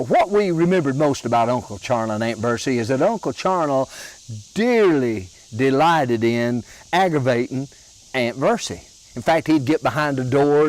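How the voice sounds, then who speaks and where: An older man from Alabama with a Southern accent, telling homespun humorous stories in a slow, drawling way with chuckles. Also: mid-range voice, a little mellow, low-quality recording. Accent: Southern American. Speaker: storyteller. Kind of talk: folksy humorous storytelling.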